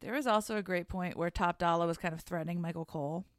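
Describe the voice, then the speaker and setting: A woman co-hosting a casual podcast chat, playful with dry deadpan jokes. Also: lowish voice, fast, no room sound. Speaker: podcast co-host.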